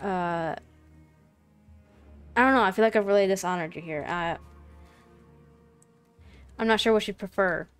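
A woman chats her way through a game, narrating what she does and talking straight to the creatures she meets. Her voice sits at a middle pitch, playful and rambling, with light apologies and jokes. Faint music plays underneath. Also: unhurried, pauses often, clear, resonant tone. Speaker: gaming channel host. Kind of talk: casual gameplay commentary.

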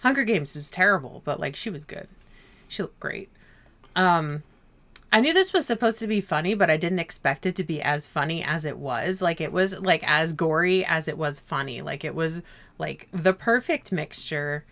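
A woman co-hosting a casual movie review chat, talking in a chatty, animated way and swearing casually. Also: low-pitched, normal speed.

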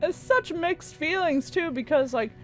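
Slow, high-voiced sentimental gamer woman. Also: animated, faint music behind. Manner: sentimental, reads game prompts aloud. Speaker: gaming YouTuber. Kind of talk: let's-play commentary.

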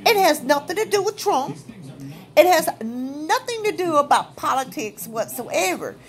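A woman vlogger ranting in a blunt, fired-up, profane way straight to her viewers. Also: high-pitched. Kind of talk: casual opinion rant.

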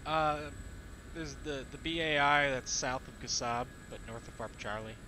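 A man's voice: mid-range voice, normal speed, pushed and bright, slight background noise, poor audio. A man chatting with his squad in a flight game over a headset, blunt and joking. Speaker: squad pilot. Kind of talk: casual gaming voice chat.

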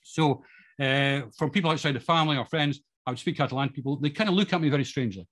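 A man's voice: medium pitch, quick pace. A middle-aged man with a Scottish accent gives a chatty, rambling talk to an audience with slides, full of ums, restarts and self-deprecating jokes. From Scotland. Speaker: guest speaker.

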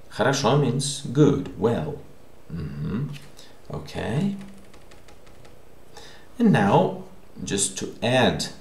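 A man's voice: sits low, gravelly. A man teaching a language lesson, patiently explaining and repeating words, often checking in with "okay?". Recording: echoey room.

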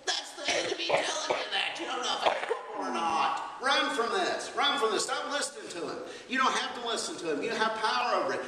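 High, bright-voiced preacher in his fifties. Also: lively intonation, a little fast, few pauses, slight background noise. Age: 50s. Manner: folksy and conversational, laughing asides. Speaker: pastor. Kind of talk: sermon. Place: church sanctuary. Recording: roomy church hall from far off.

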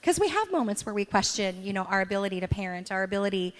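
A woman's voice: medium pitch, sing-song, rapid-fire. A middle-aged woman being interviewed at church, telling stories about her children with frequent laughter. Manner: warm storytelling with frequent laughs. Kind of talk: church stage interview, storytelling. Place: church sanctuary. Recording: long reverb of a church hall.

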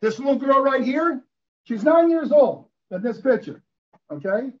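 A middle-aged man talks in a high voice as a guest in an interview. He tells stories earnestly and preaches a little, asking rhetorical questions. The recording sounds dull and lo-fi. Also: lively intonation, measured pace, slight background noise. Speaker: hyperbaric clinic owner, guest. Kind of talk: conversational interview storytelling.

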